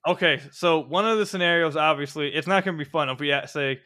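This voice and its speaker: Fast, bright-voiced podcast host. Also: male voice, fairly high pitch. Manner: fast, energetic, stumbling over words. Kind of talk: casual sports podcast chat and host-read ads.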